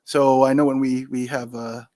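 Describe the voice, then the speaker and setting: Male podcast guest, casual storyteller, animated, does voices, dry close mic. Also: mid-range voice, moderate pace, no echo. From New York. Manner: animated, acts out quoted voices, laughs often.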